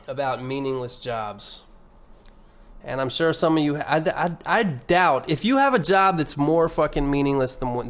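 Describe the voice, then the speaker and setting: Young male solo podcaster, mid-pitched voice, rambling and profane, sardonic, jumps between loud emphatic bursts and low mumbled asides. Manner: rambling, profane, restarts often. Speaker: podcast host. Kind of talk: casual solo podcast monologue.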